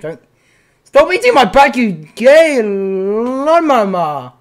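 A young man with a high voice that leaps all over the place, hosting a casual gaming video. He talks in a goofy, playful way and keeps breaking into silly voices. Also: sing-song, slow. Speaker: channel host.

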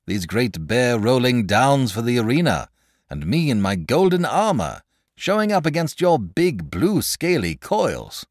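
A frank, easygoing storybook knight, as a man reads him, persuasive and patient, in a lively voice that moves up and down a lot. The sound is dry and close. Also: mid-range voice, measured pace, dry recording, pitched above the performer's own voice. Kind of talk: audiobook character voice.

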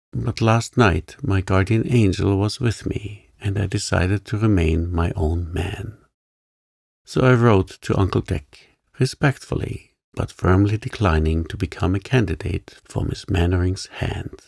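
A man narrating a bedtime story for sleep in a calm, soft-spoken, soothing way. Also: sits low, unhurried, gravelly, no echo, clean studio sound.

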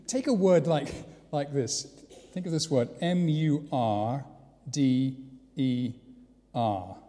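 English preacher with wry asides. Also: male voice, a little high, warm tone. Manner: conversational with rhetorical questions and wry asides. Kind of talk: sermon. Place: large church. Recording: long church reverb.

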